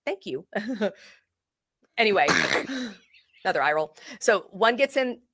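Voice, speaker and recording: A woman's bright, crisp voice recorded close and dry, as she spins an animated, laugh-filled tale for her interviewer. She talks the way a real estate pro gossips with a friend, quick to giggle and play every part. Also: mid-range voice, no room sound. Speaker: real estate consultant, guest. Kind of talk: casual storytelling interview.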